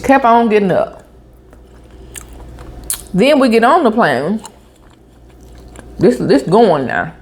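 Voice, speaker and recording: A woman tells a story in a casual vlog, her pitch swinging up and down as she talks. She is chatty and animated, tossing in endearments like "honey" and "baby" between sentences, in a middle-pitched voice. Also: slow pace, long pauses. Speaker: vlogger. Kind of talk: casual storytelling while eating.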